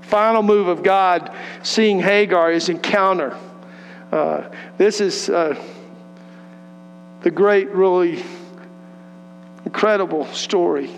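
A man's voice: sits high, slow, long pauses. A man preaching a sermon as pastor, earnest and emphatic, building on repeated phrases. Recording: long hall reverb with faint mains hum.

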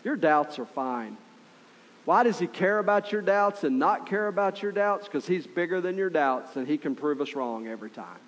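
A middle-aged male pastor preaching a sermon in a conversational, earnest way, often checking in with listeners with quick asides. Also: a little high, animated.

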